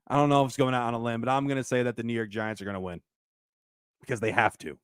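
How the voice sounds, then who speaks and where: Male sports-show host, mid-pitched, emphatic and repetitive, dry close mic. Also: fast talker, smooth, no echo. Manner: animated, emphatic, repeats himself. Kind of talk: casual sports talk.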